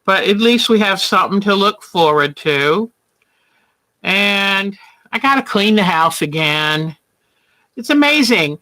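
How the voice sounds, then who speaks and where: Woman hosting a live quilting show, unhurried and chatty, bright tone, sweet-talks viewers. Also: mid-range voice, expressive. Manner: chatty, affectionate, calls viewers honey and hon. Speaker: quilting livestream host. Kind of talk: casual livestream chat while quilting.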